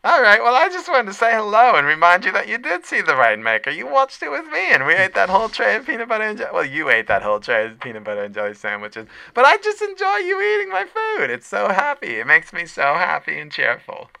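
Man voicing a lunch lady, middle-aged woman, high and sing-song, fawning, teasing. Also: wildly swooping pitch, fast, vocal fry, few pauses, sharp tone, clear, resonant tone, no room sound, full character voice. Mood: flirty.

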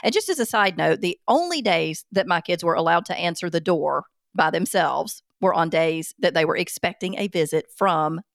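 A woman's voice: fairly low pitch, expressive, moderate pace, creaky, hardly any pauses, no echo, clean studio sound. A woman hosting a podcast and answering listener questions in a chatty, self-deprecating way, with frequent ums. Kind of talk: casual chat.

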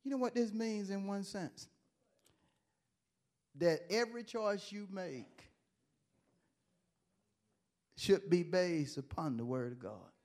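A man. He drops into low, conversational asides, then climbs to loud, emphatic call-and-response lines that invite the congregation to answer. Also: slow pace, pauses often. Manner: call-and-response preaching, rising to emphatic shouts. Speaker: pastor. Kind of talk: sermon.

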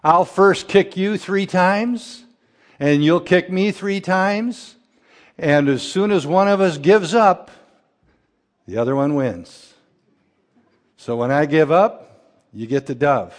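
A man voicing a sly, laconic Texan cowboy rancher in a sermon joke, calm and drawling. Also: a little high, takes it slowly, long pauses. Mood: matter-of-fact.

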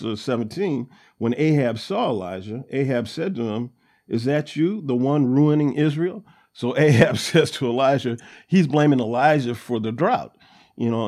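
A man's voice: medium pitch, a little mellow. Guy doing a chill bible study, reads a verse then just talks it through, lots of um and uh. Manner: reads verses aloud, then explains them in loose everyday words with many fillers. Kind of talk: casual scripture teaching.

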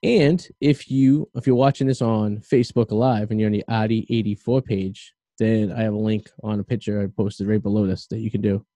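Mellow-voiced man hosting a podcast. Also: lowish voice, fairly even intonation, normal speed, few pauses, dry recording. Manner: rambling, opinionated, with lots of fillers. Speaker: podcast host. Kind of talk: casual podcast chat.

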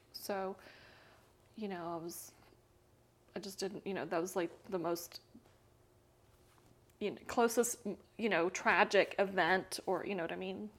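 A woman's voice: medium pitch, gravelly, fairly bright tone. A woman in her fifties from Central America, a guest telling her story in a casual, chatty way, full of fillers and light laughs. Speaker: interview guest.

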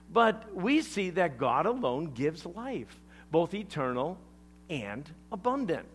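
Male pastor, sermon delivery, slightly high voice with wide swings, unhurried, emphatic. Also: a little hiss or hum. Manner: emphatic, animated preaching with deliberate pauses.

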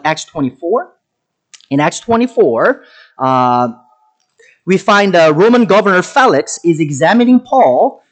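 A man's voice: on the high side, poor audio. A man preaching a sermon, talking with many fillers and restarts. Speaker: pastor.

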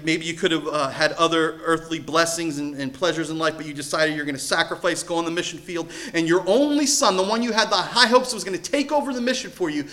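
A man preaching a sermon as pastor, telling a story in an animated way. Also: fairly high pitch. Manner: animated storytelling, acting out quoted voices.

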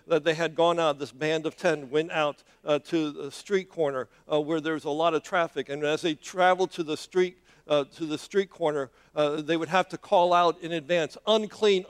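Male preacher, high voice, dramatic storytelling sermon, halting delivery with repeats and fillers. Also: clear, resonant tone. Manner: dramatic, with many hesitations and repeated words.

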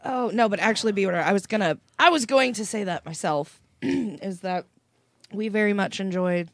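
A woman co-hosting a podcast at a middling pitch, laughing easily and cursing without a second thought. The sound is dry and close. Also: normal speed, no room sound. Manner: laughing, swears freely. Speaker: podcast co-host. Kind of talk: casual comedic chat.

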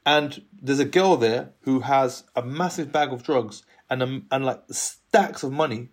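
A man's voice: medium pitch, a little slow. A man in his thirties telling a story in casual conversation, acting out other people's voices and laughing often.

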